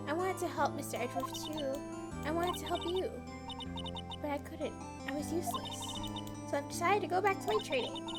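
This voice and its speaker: A woman voicing a young female spirit medium in training from a game, youthful, emotional and sincere, over background music. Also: high-pitched.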